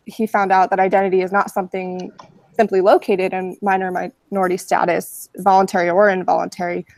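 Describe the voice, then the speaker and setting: A woman's voice: mid-range voice, flat delivery, fairly quick, darkish tone, dry recording. A woman leads a graduate class discussion, summing up a reading and putting the next question to the group. Her voice sits in a mid range and sounds dry and close. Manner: summarizing readings and posing questions. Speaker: discussion leader in a class webinar.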